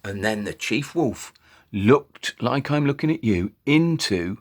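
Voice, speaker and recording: A man telling a children's story in an animated way, inviting little listeners to join in. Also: mid-range voice, slow. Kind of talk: interactive children's story reading.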